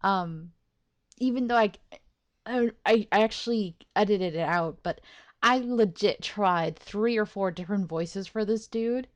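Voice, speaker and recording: A woman's voice: mid-range voice, measured pace, no room sound. A woman doing casual let's play commentary, rambling and chatty, laughing at herself as she talks.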